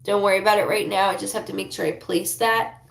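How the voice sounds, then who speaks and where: A woman giving a live psychic reading, rambling and emotional, talking in quick bursts. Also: mid-range voice, steady tone, creaky, reverberant, a little hiss or hum. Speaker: psychic reader.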